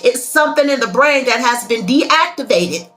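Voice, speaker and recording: Bright-voiced woman preaching spiritual warnings. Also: on the high side, animated, moderate pace, soft background music. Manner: earnest, emphatic, addresses viewers as y'all. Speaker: tarot and spiritual reader. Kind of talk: casual spiritual monologue to viewers.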